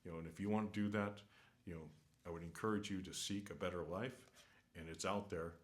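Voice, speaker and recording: A man's voice: deep voice, steady tone, brisk. A man vlogging from a hotel room, rambling in an earnest, opinionated rant with lots of fillers and restarts. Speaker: travel vlogger. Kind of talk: casual unscripted rant.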